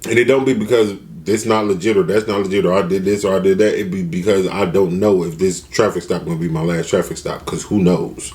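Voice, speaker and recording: A man's voice: sits low, a little fast, hardly any pauses. A man retelling a story casually for a food vlog, acting out the people he quotes. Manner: animated, acts out quotes with shifting voices. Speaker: mukbang vlogger.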